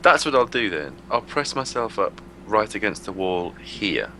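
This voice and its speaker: A man with a low voice and a bright, forceful edge, playing a tabletop game. He plans his turn aloud, full of fillers and restarts. Faint noise sits under the recording. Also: big pitch swings, normal speed. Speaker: player.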